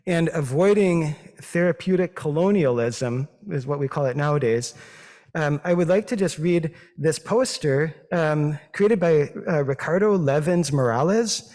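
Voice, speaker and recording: A man with a Midwestern accent, a physician giving a thoughtful, modest talk with slides, pausing often with fillers. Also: on the high side, animated, darkish tone. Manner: thoughtful, hesitant, with many fillers; modest and self-deprecating. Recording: long reverb of a hall.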